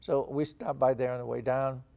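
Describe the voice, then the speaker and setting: Speaking quickly in a gravelly, mellow mid-range voice with fairly even intonation, this older San Antonio man tells stories from his life for an oral history project. The veteran performs the quoted lines as he goes.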